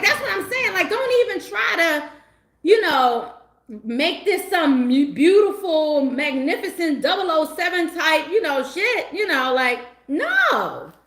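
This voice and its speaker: A woman tarot reader chatting casually to her viewers, animated and emphatic, breaking into laughter and slang as she rants. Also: very high-pitched, reverberant. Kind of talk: casual livestream chat.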